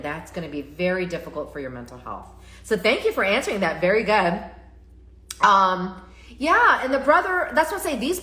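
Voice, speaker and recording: A woman therapist hosting a live stream, talking in an animated, chatty way and often stopping to restart her sentences. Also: mid-range voice, slight background noise. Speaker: therapist and show host. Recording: roomy echo.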